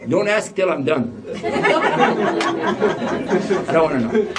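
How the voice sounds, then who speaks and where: A man's voice: fairly high pitch, expressive, slow pace, a loud crowd. A man giving an Islamic lecture to a live audience, joking and putting questions to the listeners. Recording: voice a bit distant from the mic.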